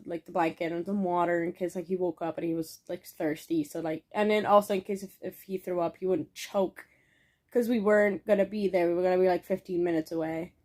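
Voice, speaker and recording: A woman's voice: mid-range voice, a little mellow. A young adult woman telling a casual story in a vlog, rambling with many fillers and swearing now and then. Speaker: vlogger.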